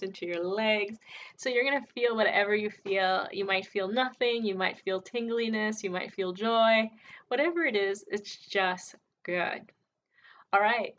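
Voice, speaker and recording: A woman working as an energy healer, calmly and gently coaxing the listener through a guided healing meditation. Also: medium pitch, highs cut off. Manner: calm, gently coaxing, often says "all right" and "beautiful".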